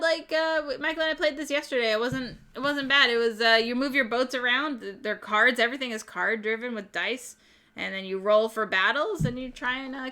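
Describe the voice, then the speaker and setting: Bright-voiced woman chatting about board games. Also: a little high. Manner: chatty, rambling, reads out viewer chat. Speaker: board game channel host. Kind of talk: casual chat showing new games.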